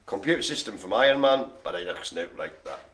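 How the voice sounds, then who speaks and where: A man's voice: on the low side, lively intonation, a little fast, a bit bright. A man hosting a live bingo game, chatty and jokey, full of playful asides. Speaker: bingo host. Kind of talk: live-streamed bingo calling.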